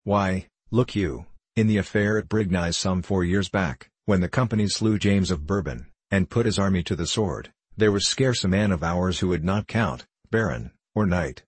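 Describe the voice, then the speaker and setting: Man doing a boastful archer, hearty soldier swagger, deep husky voice, dry close sound. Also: moderate pace, hardly any pauses, dry recording. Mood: hearty boasting. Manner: hearty, boastful, free-spoken.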